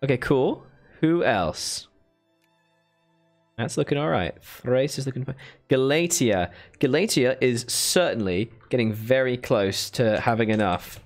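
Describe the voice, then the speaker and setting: With soft music in the background, the streamer speaks at a medium pitch, animated but unhurried. He offers casual commentary on a strategy game, thinking aloud and thanking viewers with bursts of enthusiasm.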